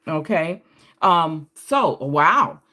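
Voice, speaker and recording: A woman giving a casual tarot card reading, excitable and exclaiming often, checking in with her viewers again and again. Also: deep voice, extremely slow. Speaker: tarot reader.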